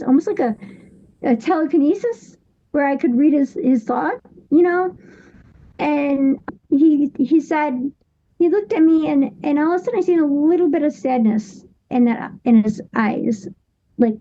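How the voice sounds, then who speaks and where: A woman in her thirties, a guest on an interview show, telling a personal story in a halting way with many restarts and fillers. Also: sits high, lo-fi sound.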